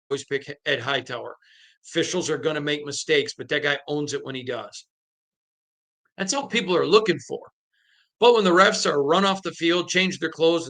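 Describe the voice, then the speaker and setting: A man's voice: fairly high pitch, bright, forceful tone. A man hosting a sports podcast, talking alone in an emphatic storytelling manner and retelling conversations. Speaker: podcast host. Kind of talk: solo sports podcast commentary.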